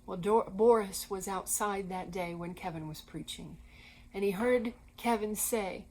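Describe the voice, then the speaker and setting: A woman co-hosting a Christian ministry program, telling inspiring stories in an earnest, animated way. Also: mid-range voice, unhurried, slight background noise, poor audio. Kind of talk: storytelling conversation.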